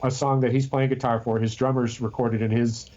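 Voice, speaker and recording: A man's voice: mid-range voice, flat delivery, fairly quick, a little mellow, lo-fi sound. A man co-hosting a podcast in casual chat, rambling and telling stories with frequent restarts. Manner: rambling, restarts often, storytelling. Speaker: podcast co-host.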